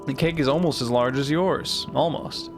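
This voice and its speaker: A man voicing a solemn female sphinx guardian, reading game lines in a slow, stately way. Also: mid-range voice, music in the background, close to an everyday voice. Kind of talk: reading game dialogue aloud.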